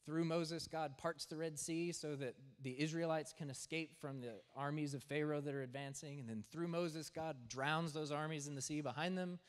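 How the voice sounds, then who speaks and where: A man's voice: fairly high pitch, steady tone, moderate pace, few pauses, clear, resonant tone. A man preaching a sermon as pastor, talking in a conversational way and often checking in with "right?". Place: church sanctuary. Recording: long church reverb.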